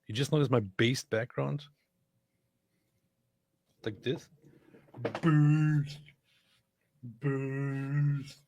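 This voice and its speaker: Hosting a casual livestream, a man reads out viewer messages and super chats, rambling with lots of fillers and restarts. His mid-range voice is gravelly and slow, with frequent pauses and slight background noise.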